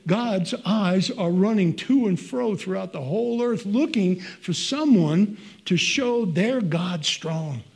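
A man's voice: high-pitched, darkish tone, husky. An older man preaching a sermon in an earnest, conversational way with folksy asides.

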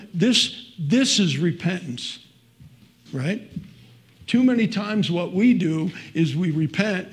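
A man's voice: a little high, darkish tone. A middle-aged man preaching a sermon as pastor, earnest and conversational, reading scripture aloud between personal asides.

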